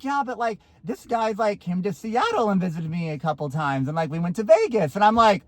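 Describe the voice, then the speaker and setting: A young man telling a dramatic personal story to his viewers in a casual, excitable way, swearing and filling his talk with "like". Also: high-pitched, normal speed, hardly any pauses, dry recording. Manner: animated, swearing, lots of "like" fillers.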